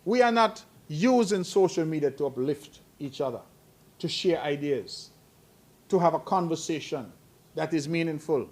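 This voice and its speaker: A man's voice: a little high, expressive, normal speed, darkish tone. A middle-aged man giving earnest, admonishing remarks at a press conference, growing emphatic. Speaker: head of government at a press conference.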